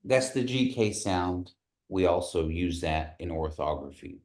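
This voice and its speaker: Patient male language teacher on a video call, low voice with lots of pitch movement. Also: expressive, a little mellow. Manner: patient, repeats words slowly for learners. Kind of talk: online language lesson.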